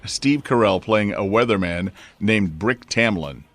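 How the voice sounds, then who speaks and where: A man's voice: on the low side, measured pace, no room sound, soft background music. A man co-hosting a morning radio show, teasing his partner and running a call-in quiz from the studio. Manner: wry, teasing, runs the phone-in game. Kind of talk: casual morning radio banter. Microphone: studio microphone.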